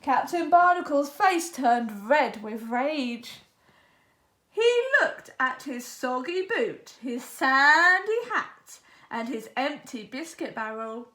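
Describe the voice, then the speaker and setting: A woman reading a children's picture book aloud in an animated, expressive way. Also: sits high, slow pace. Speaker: storyteller. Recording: echoey room.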